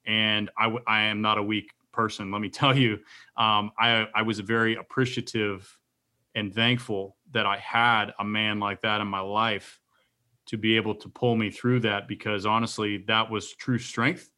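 A man, a military veteran, earnestly telling a personal story as a podcast guest, halting and restarting often. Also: lowish voice, level tone, sharp tone.

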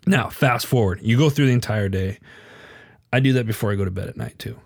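A middle-aged man talks openly about his faith in a relaxed conversation. He speaks in an earnest, confiding way and often circles back over his words as he thinks. The sound is dry and close to the mic. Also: fairly low pitch, a little fast, gravelly, dry recording. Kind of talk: casual faith chat.

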